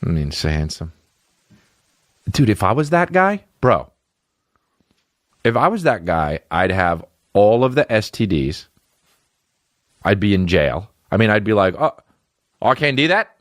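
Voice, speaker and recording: A man's voice: on the low side, sing-song, a little slow, long pauses, no echo, studio quality. A man hosting a comedy podcast, riffing and jumping into exaggerated character voices. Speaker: podcast host.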